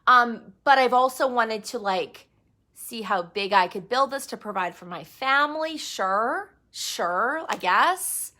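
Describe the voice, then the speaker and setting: A woman's voice: on the high side, lively intonation, slow, pushed and bright. A woman giving a candid, emphatic motivational talk to her sales team, with fillers and mild swearing. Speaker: direct sales team leader.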